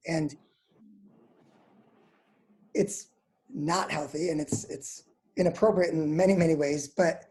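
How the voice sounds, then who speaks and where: A middle-aged man, a psychologist, giving advice in an interview in a calm, measured way. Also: fairly high pitch.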